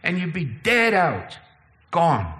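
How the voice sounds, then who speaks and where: A man preaching a sermon, shifting between slow, low passages and quicker, higher ones. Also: wildly swooping pitch, sharp tone, in a large hall. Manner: preaching with sweeping pitch and pace changes. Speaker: pastor.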